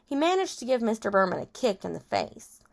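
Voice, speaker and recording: A woman's voice: on the high side, very animated, brisk, creaky. A woman teacher reading a chapter book aloud to children, stopping to ask and explain vocabulary words.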